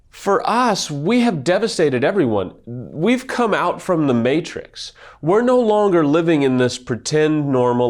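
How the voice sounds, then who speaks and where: A man speaking as an affair recovery expert in a video talk, earnest and emphatic, telling a personal story. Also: mid-range voice.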